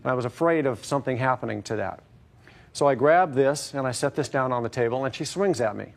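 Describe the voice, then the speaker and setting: A man's voice: medium pitch, a little fast, vocal fry. A man testifying at length in a courtroom, hesitant and wordy, repeating stock phrases. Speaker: litigant in a courtroom show.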